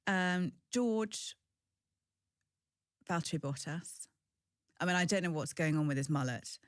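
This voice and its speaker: A woman's voice: lowish voice, animated, a little slow, clear, resonant tone, no room sound, clean studio sound. A woman in her forties speaking as an interview guest, frank, chatty and self-deprecating. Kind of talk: candid conversational storytelling.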